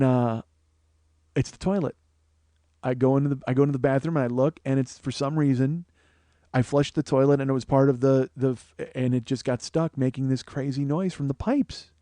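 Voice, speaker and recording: Profane, animated male comedy storyteller. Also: medium pitch, dry recording. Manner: profane, animated storyteller who laughs at his own jokes. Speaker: podcast host. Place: small studio, co-host close by. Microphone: studio microphone.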